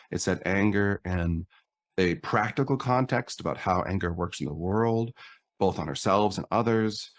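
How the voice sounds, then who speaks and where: A man's voice: deep voice, dry recording. A middle-aged man on a podcast, candidly telling a personal story and acting out the dialogue. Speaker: podcast guest.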